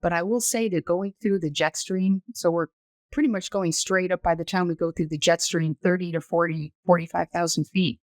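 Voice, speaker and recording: Measured woman in her sixties explaining. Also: on the low side, fairly even intonation, no echo. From United States. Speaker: former astronaut, podcast guest. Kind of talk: conversational storytelling interview.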